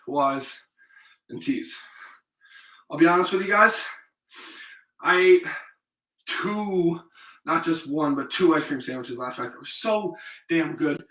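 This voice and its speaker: Breathless as he exercises alongside the class, a young instructor from New York or Vermont calls out rep counts and encouragement. His voice is a little high, pushed and bright, and a distant mic makes it sound roomy.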